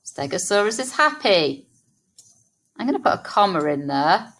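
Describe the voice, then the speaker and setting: A woman teaching young children phonics, sounding out words slowly and clearly. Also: medium pitch, sing-song, a bit bright. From England. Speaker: primary school teacher. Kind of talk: early-years phonics lesson.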